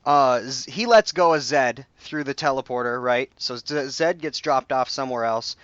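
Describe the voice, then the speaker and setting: A young man talks through comic plots in a loose, rambling podcast chat. His voice is smooth and clear, but the sound is muffled and dry, close on a home mic. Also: mid-range voice, moderate pace, a bit bright, dry recording. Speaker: podcast co-host. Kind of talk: casual comic recap chat.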